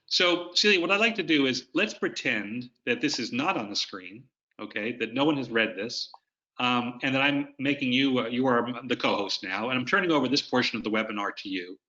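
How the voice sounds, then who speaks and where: A man's voice: mid-range voice, expressive, brisk, pushed and bright. A man presenting an online webinar, coaching his audience and explaining ideas through demonstrations over a video call. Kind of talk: instructional webinar talk. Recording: dull lo-fi video-call audio.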